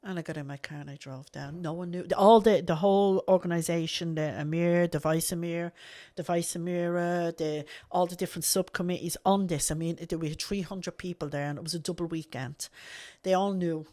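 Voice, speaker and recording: Earnest woman, fairly low voice, repeats herself for emphasis. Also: fairly even intonation, brisk, a little mellow. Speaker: guest. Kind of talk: emotional personal storytelling.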